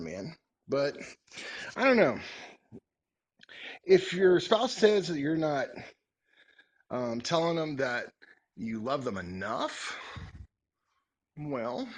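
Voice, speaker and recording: Husky laid-back man in his forties. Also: mid-range voice. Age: 40s. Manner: joking, rambling, folksy. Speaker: vlogger answering follower questions. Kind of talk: casual Q&A chat.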